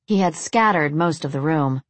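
Low-voiced woman narrating an audiobook. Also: moderate pace, dry recording.

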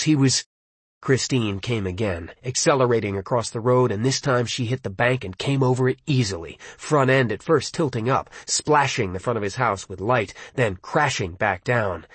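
A man reading a suspenseful novel aloud as an audiobook, in a measured, dramatic storytelling style. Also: medium pitch, husky, dry recording. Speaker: audiobook narrator.

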